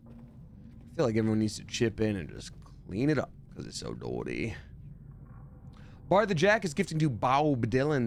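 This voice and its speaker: A man's voice: on the low side, slight background noise. A man giving live gameplay commentary as a streamer, chatty and jokey, thanking viewers from chat as he plays.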